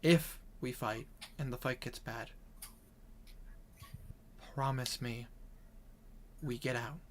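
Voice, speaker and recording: A caring young woman healer, as a male game master puts her on, speaking softly and pleadingly at a middle pitch. She sounds gentle and worried for a friend. Faint hiss sits behind the voice. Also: takes it slowly, close to an everyday voice. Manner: soft, quiet pleading. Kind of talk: voicing a character in an online tabletop game.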